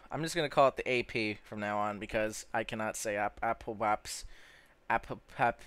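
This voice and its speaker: A man's voice: on the low side, moderate pace, a bit bright, smooth. Rambling young man narrating gameplay. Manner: rambling, stumbles over words, easily amazed. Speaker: gameplay commentator. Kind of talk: casual gameplay commentary.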